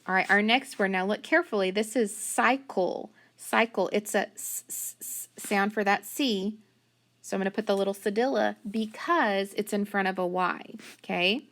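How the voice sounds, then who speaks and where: Woman teacher for a phonics lesson, patient and slow, a little gravelly, middle pitch. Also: fairly bright tone.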